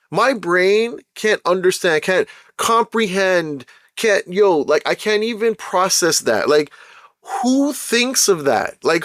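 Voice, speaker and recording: A man's voice: sits high, fairly bright tone, no echo, clean studio sound. A man vlogging a casual ranting monologue, exasperated and repetitive, addressing viewers directly. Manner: exasperated, ranting, repeats "bro" and "like".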